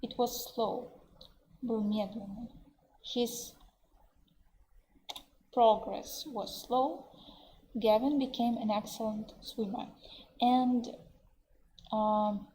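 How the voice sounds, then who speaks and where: A woman with a Russian accent teaching English vocabulary in an online webinar, explaining words slowly and translating them into Russian. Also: on the high side, fairly even intonation, dark tone, a little hiss or hum, rough recording. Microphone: computer mic on a webinar.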